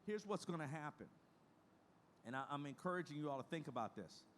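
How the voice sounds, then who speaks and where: A man's voice: a little high, expressive, fairly quick, a little hiss or hum. A middle-aged man giving a conference presentation in a folksy, emphatic way, repeating key phrases for emphasis. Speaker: conference speaker.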